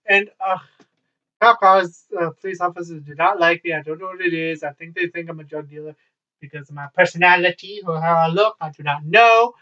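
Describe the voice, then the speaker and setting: Bright high-voiced young man, rambling. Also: brisk. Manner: rambling, swears freely, wry asides. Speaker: vlogger. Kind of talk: casual storytelling. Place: at home, child nearby. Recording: dull lo-fi, from a distance.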